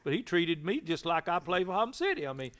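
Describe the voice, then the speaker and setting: Reflective man, slightly high voice. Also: very animated, fairly bright tone. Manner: reflective, repeats words, slow pauses. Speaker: guest. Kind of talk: casual reminiscing.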